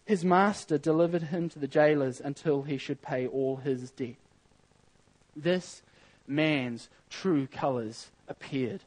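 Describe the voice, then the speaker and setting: A man's voice: on the high side, rough recording. A man preaching a sermon in an earnest, emphatic way, reading scripture aloud and repeating phrases as he builds a point.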